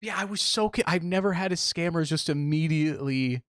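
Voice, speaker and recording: A young man co-hosting a podcast, telling a story in casual chat and acting out the quotes with big jumps in pitch. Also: brisk, a bit bright, clear, resonant tone, no room sound, studio quality. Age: young adult. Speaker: podcast co-host.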